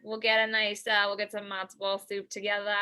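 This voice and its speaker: A woman's voice: mid-range voice, completely flat delivery, a little fast, pushed and bright, slight background noise. A woman from the New York area co-hosting a comedy podcast, rambling casually with constant "like"s and swearing over a remote call. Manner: rambling, lots of filler "like", swearing. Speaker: podcast co-host. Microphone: remote call setup.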